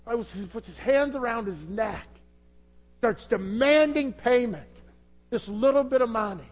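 High-voiced man preaching a sermon. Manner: impassioned, rhetorical questions, swings from loud to hushed. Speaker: pastor.

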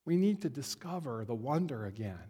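A man giving a conversational Christmas sermon as a pastor, slowing down to stress key words. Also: mid-range voice, big pitch swings, mellow, breathy edge. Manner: conversational, slows down for emphasis. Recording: long hall reverb.

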